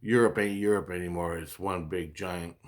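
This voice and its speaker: A man's voice: sits low, steady tone, moderate pace. A man telling a long story in a casual, rambling monologue, repeating himself and swearing now and then. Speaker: vlogger recounting spiritual experiences.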